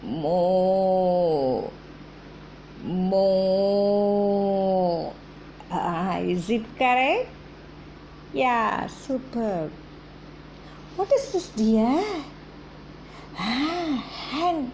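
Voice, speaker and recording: A woman teaching young children in a slow, coaxing, sing-song way, asking questions and copying animal sounds. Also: a little high, lively intonation, a little hiss or hum. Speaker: kindergarten teacher.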